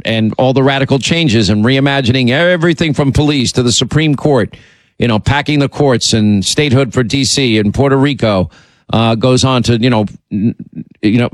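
A man's voice: mid-range voice, dry recording. A man hosting a political talk show, delivering a combative, sarcastic monologue with frequent restarts and asides. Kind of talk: monologue commentary.

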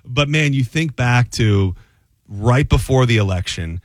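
A man's voice: mid-range voice, expressive, measured pace, dry recording. A male radio host talking casually in a dry studio with no room sound. His delivery is loose and rambling, full of "uh"s and restarted phrases.

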